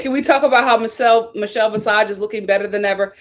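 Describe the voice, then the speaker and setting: A woman hosting a casual live stream, reading viewer comments aloud and reacting with opinionated chatter, laughs and sudden high squeals of surprise. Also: racing. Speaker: live stream host reviewing a reality show. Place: home in a hot city.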